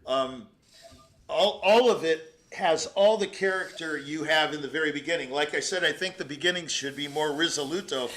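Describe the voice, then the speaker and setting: An older man giving rambling, animated feedback on a piano performance, singing out phrases and laughing as he talks. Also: fairly high pitch, normal speed. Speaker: competition juror giving feedback. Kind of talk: spoken critique of a performance.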